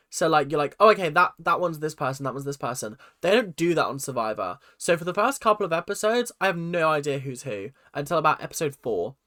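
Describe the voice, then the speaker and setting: A man's voice: on the high side, fairly bright tone. A man hosting a reaction video, chatting casually and exaggerating with mock voices.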